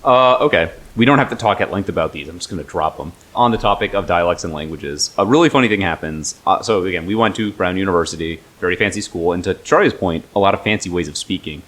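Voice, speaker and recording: A man's voice: sits low, fast talker, hardly any pauses, a bit bright. A young man hosting a podcast, telling anecdotes in a chatty way and laughing often. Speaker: podcast host. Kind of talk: casual chat.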